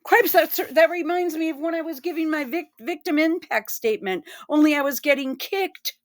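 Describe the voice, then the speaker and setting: Woman commentator, fairly high voice, frank and cursing, emotional reaction talk. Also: normal speed. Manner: blunt, profane, emotional. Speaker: online commentator.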